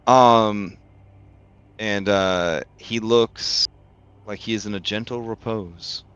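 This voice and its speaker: A man with a low voice narrates a tabletop game as its game master. He talks slowly and pauses often as he describes each scene. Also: steady tone, fairly bright tone, smooth, muffled recording. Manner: slow, hesitant, many pauses.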